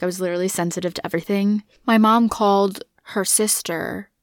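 Woman, early twenties, solo podcast host; casual, frank delivery with plenty of cursing, slightly low voice, dry recording. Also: no echo. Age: 20s. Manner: candid, blunt, swears freely.

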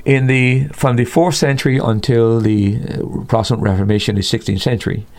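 A man's voice: mid-range voice, fairly even intonation, moderate pace, a little mellow. A man explaining church doctrine as an interview guest, emphatic, often restarting and repeating words, with his voice jumping up when he scorns excesses. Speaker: guest Bible teacher. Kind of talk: conversational interview teaching.

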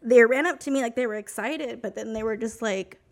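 A woman's voice: fairly high pitch, a little fast. A woman from New Mexico, a podcast guest, telling a personal story in casual, emotional, rambling talk full of fillers.

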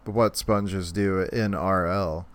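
A man casually recapping a cartoon episode on a podcast, unhurried and full of fillers. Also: sits low, steady tone, no echo. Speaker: podcast co-host.

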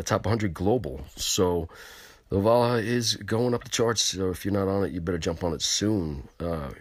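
Male host from California, low voice, rambling and bragging, crude, dead-dry sound. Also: dry recording. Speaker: show host. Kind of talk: casual chat show. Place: on location.

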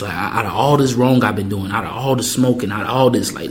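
Young man, low voice, casual storyteller who acts out what others said; faint room hum behind. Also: fast. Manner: animated, acts out quotes with voices. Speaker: host telling a personal story.

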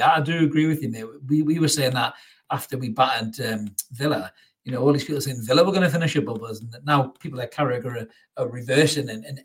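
A man over 38, hosting a casual football chat with blunt, sweary banter. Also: medium pitch. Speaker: podcast host.

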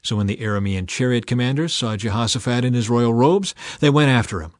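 A man reads scripture aloud in a steady, measured way. His voice sits in an ordinary middle range. The recording is dry and close, with no room sound. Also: medium pitch, no echo. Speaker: scripture reader.

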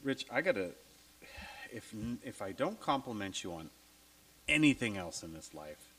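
A man with a low voice hosting a casual podcast, blunt and swearing freely. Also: very animated, moderate pace, pushed and bright, a little hiss or hum, poor audio. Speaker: podcast host.

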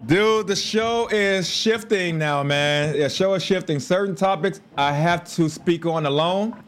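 A man's voice: high voice, unhurried. A man hosting a show, telling candid stories in casual chat and laughing often. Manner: animated, candid storytelling with frequent laughs. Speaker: podcast host.

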